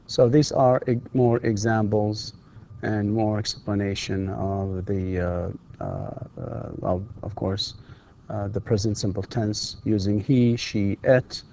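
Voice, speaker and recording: A man with a slow, mellow, medium-pitched voice teaches English grammar in a recorded lecture over slides at a university distance-learning studio. A patient instructor, he models example sentences with exaggerated rising intonation and briefly switches into Arabic to instruct students.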